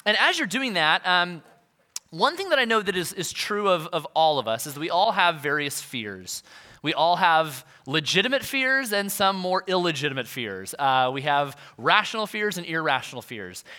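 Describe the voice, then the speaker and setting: A young man preaches a sermon, telling stories about himself with easy, self-deprecating humor. His voice sits high and sounds bright and forward. He talks like he is chatting with the congregation. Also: sing-song, moderate pace. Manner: conversational storytelling, self-deprecating. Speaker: pastor.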